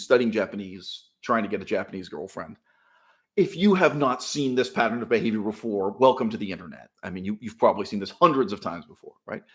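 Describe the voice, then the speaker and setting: Man lecturing with emphatic rhetorical questions. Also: medium pitch. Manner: rises and drops sharply in loudness between phrases. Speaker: channel host. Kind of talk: solo commentary monologue.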